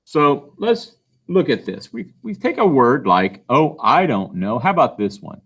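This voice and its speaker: A man's voice: medium pitch, big pitch swings, a little slow, fairly bright tone, breathy edge. A male teacher giving a phonics lesson, patiently asking questions and answering them himself. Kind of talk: recorded classroom phonics lesson.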